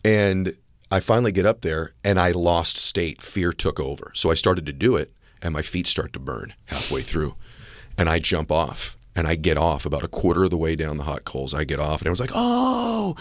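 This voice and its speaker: A middle-aged American man hosting a podcast interview, telling a story in an earnest, animated way. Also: very deep voice, normal speed, dry recording, studio quality. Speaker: podcast host. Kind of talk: conversational interview.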